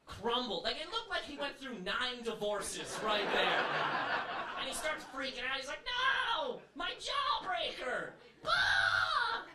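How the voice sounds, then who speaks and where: A man doing a stand-up comedy routine, ranting in an animated way and shouting his punchlines. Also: extremely high pitch, moderate pace, heavy background noise. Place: comedy club stage. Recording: echoey club, distant mic, loud crowd. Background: audience laughter.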